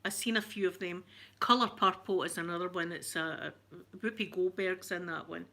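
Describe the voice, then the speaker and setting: A woman's voice: fairly low pitch, moderate pace, bright, forceful tone. A woman chatting casually with viewers on a stream, open and emotional about her feelings. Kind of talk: casual chat answering viewers.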